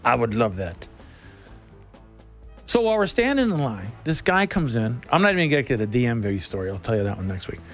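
A middle-aged man hosting a radio show, telling a casual story in a folksy, animated way. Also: medium pitch, fast talker, few pauses, faint music behind. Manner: animated, folksy, laughs between lines. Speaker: radio host.

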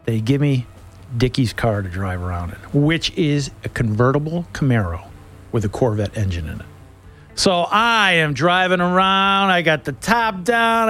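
A middle-aged man with a high voice hosts a show, telling a comic story with lots of animation and laughing his way through it.

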